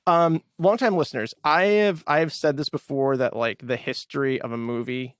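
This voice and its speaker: A man co-hosting a movie podcast in excited, casual chat, swearing freely. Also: medium pitch, normal speed, smooth, no room sound, clean studio sound. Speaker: podcast co-host.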